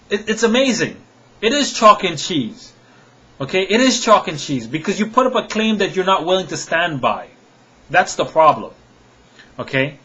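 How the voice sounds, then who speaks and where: A man's voice: sits high, sharp tone, lo-fi sound. Argumentative man, scoffing rhetorical questions. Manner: repeats himself and restarts when worked up. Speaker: religious apologist answering a critic. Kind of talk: direct-to-camera rebuttal monologue.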